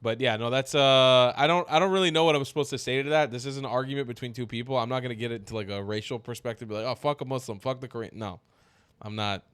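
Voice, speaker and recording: A man hosting a reaction commentary, blunt, joking and quick to swear. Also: mid-range voice, fairly even intonation, fairly bright tone, clean tone, no echo. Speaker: commentary host.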